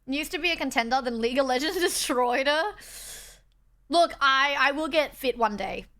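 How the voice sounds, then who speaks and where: Bubbly high-voiced Australian woman streamer. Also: lively intonation, normal speed, a bit bright. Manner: chatty, bubbly, thanks chat often. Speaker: livestreamer. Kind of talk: casual stream chat reading chat. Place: borrowed streaming setup indoors.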